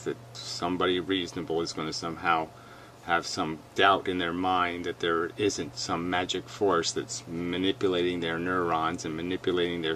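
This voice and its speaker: A man's voice: low-pitched, fairly bright tone, a little hiss or hum. A man hosting a video reaction, talking bluntly and emphatically as he argues his point. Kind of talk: argumentative commentary.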